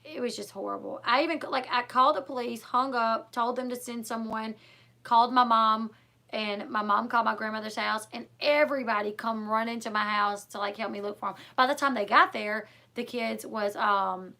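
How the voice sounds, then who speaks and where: A woman's voice: a little high, fairly even intonation, moderate pace, vocal fry, sharp tone. A woman vlogger telling a personal story in a casual, rambling way, full of fillers. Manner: rambling, filler-heavy, lots of "like" and "um"; emotional, retelling a scare.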